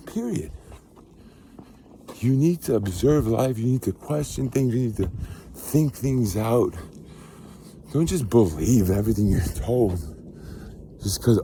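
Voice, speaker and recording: Low gravelly man, rambling outdoors. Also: mellow, a little hiss or hum. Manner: rambling, preachy, grows heated and emphatic. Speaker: vlogger. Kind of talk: casual monologue vlog. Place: outdoors, walking at night. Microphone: phone.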